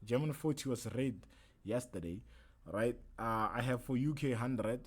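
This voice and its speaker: A man's voice: mid-range voice, moderate pace. A man casually teaching a trading lesson on a livestream, talking loosely and chattily and often checking in with "right?". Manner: loose and chatty, keeps asking "right?", slangy asides. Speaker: trading instructor streaming a lesson.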